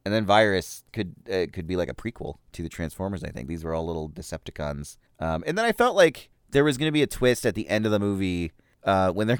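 Male podcast host, low smooth voice, casual rambling review style. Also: no room sound, studio quality. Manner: rambling, loose, with fillers and chuckles. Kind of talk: casual movie review monologue.

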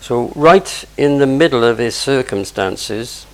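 A man's voice: medium pitch, animated, slow pace, low-quality recording. A man preaching a sermon, explaining scripture verse by verse with conversational asides.

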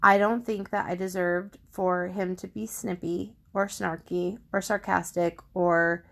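A woman's voice: fairly low pitch, level tone, measured pace, gravelly. A middle-aged woman hosting a personal faith podcast, telling a story candidly and thoughtfully with frequent restarts, on a studio microphone. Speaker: podcast host.

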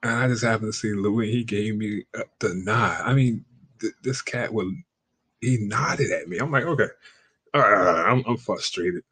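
A man's voice: fairly low pitch, moderate pace, sharp tone, breathy edge, no room sound. A man telling a personal story in a casual, slangy way, acting out the lines of the people in it. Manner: acts out quoted dialogue in a raised voice; slangy, conversational.

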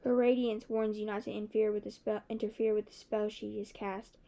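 A woman's voice: medium pitch, little pitch movement, brisk, warm tone, lo-fi sound, lightly acted. A woman voicing a sly, menacing snake messenger that hisses its threats in an audiobook. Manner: hissing, threatening.

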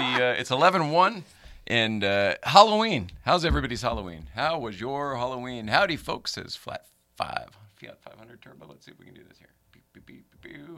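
A man's voice: mid-range voice, pushed and bright, no room sound. A man hosting a casual live-stream chat, rambling and laughing, with many fillers and restarts. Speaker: show host.

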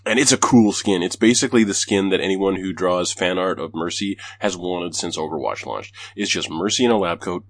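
A man's voice: deep voice, brisk, hardly any pauses, dry recording. A man hosting a podcast, telling stories in a loose, self-deprecating way with casual swearing. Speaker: podcast host. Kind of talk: casual chat.

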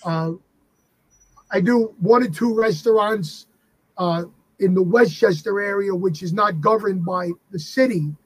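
Husky high-voiced man telling stories. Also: measured pace, dry recording, rough recording. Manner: animated anecdotes with frequent restarts. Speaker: guest entertainer and tribute performer of a famous singer. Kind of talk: casual storytelling interview.

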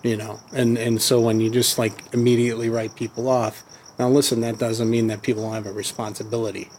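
A man's voice: medium pitch, little pitch movement, a little fast, a little mellow, a little hiss or hum. A man guesting on a podcast in casual chat, talking in loose rambling sentences full of "you know" and swearing.

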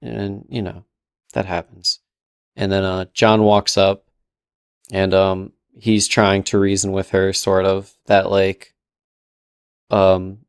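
Rambling young man, low and smooth. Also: monotone, slow pace, long pauses, dry recording, clean studio sound. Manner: rambling, with filler and sarcastic quoted asides. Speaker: podcast co-host. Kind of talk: casual recap chat.

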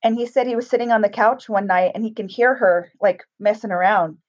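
Animated woman telling a story, dull sound. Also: mid-range voice, brisk. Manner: animated, acts out quoted voices. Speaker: guest telling a ghost story. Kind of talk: casual storytelling.

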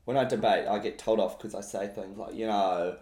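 A man's voice: on the low side, fairly even intonation, brisk, a little mellow. A young man with a New Zealand accent, co-hosting a podcast in a playful, chatty way. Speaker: podcast co-host. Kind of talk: casual chat. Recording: echoey room.

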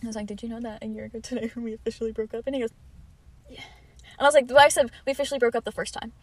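Fast-talking young woman telling a story. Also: a little high, little pitch movement, no room sound. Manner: storytelling, quoting others with many "like"s. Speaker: podcast co-host. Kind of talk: casual chat.

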